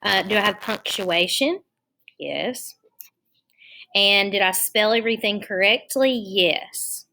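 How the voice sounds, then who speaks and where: Slow, bright-voiced woman teacher. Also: mid-range voice, vocal fry. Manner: slow, deliberate dictation, spelling words aloud letter by letter. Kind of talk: online lesson for young children.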